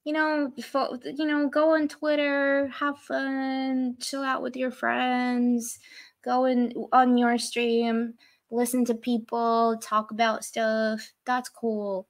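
A woman from Australia, a podcast guest in casual chat, blunt and quick to laugh. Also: on the high side, flat delivery.

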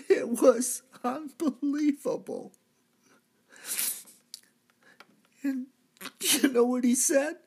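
A man's voice: a little high, expressive, takes it slowly, husky, exaggerated voice. A man playing a repentant thief from the crucifixion, telling his story earnestly in a church drama monologue. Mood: moved. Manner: earnest storytelling, swelling to cries at key moments. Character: repentant male thief, crucified, now redeemed.

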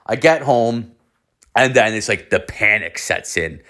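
A young man with a fairly low voice, talking a little slowly, hosts a podcast and tells a story in casual chat. He rambles, gets animated, and swears heavily throughout.

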